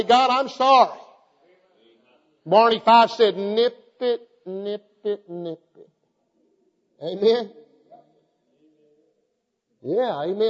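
An older man preaching a fervent sermon to a congregation, calling out to them and reading scripture aloud in a measured cadence. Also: very high voice. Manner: fervent, exhorting preaching with rhetorical calls to the congregation. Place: church hall before a congregation. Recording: echoey hall, dull lo-fi sound.

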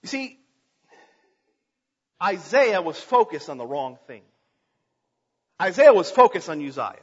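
Male preacher reading and expounding scripture, husky high voice, dull lo-fi recording. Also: sing-song, a little slow, in a large hall. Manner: earnest, reading aloud with small slips and restarts.

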